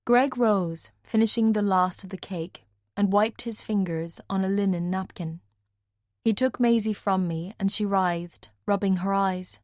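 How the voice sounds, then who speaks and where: A woman narrating a first-person audiobook in a measured way, lightly voicing the other characters. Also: medium pitch, a little mellow, no echo. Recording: dry studio recording.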